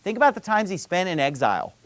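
A man preaching a sermon in an animated, conversational way, full of rhetorical questions and quoted scripture. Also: sits high, fast, no room sound. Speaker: pastor.

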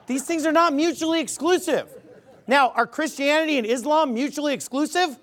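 A man's voice: extremely high pitch, fairly quick, fairly bright tone. A man preaching a sermon, emphatic, quizzing the crowd with rhetorical questions.

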